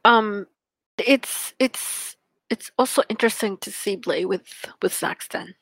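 A woman chatting casually about books in a thoughtful, measured way with some fillers. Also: medium pitch, gravelly, fairly bright tone, husky, no echo, rough recording. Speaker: podcast co-host discussing books. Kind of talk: casual chat.

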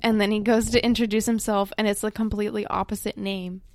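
A woman's voice: medium pitch, little pitch movement, fast talker, a little mellow, slight background noise. A woman co-hosting a podcast in casual chat, teasing and playful with her co-host.

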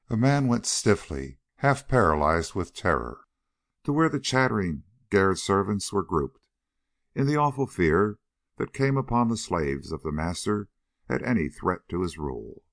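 A man narrating an audiobook of an adventure novel in a steady, expressive reading. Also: sits low, a little slow, gravelly, no echo, clean studio sound. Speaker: audiobook reader.

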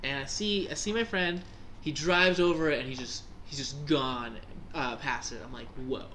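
A young man telling a story in casual chat, animated and laughing as he acts out his own reactions. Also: mid-range voice, moderate pace, slight background noise.

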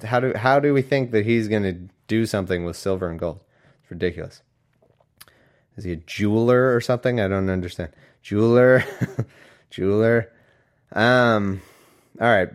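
A young man reading scripture aloud and mocking it in casual, sarcastic solo commentary, going from loud bits to mumbled asides. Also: fairly low pitch, normal speed, pauses often.

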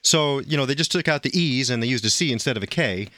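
A man co-hosting a casual cereal review, teasing his partner and steering the show. His voice is bright, mid-pitched and very animated. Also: quick pace, no room sound. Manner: playful and bossy, teasing. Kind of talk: casual chat.

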